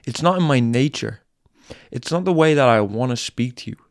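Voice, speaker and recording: Here a male podcast host with a medium pitch and lively intonation talks at a moderate pace, with no echo and studio-quality sound. His monologue is angry and lecturing, a blunt tough-love tirade full of curses and emphatic repetition.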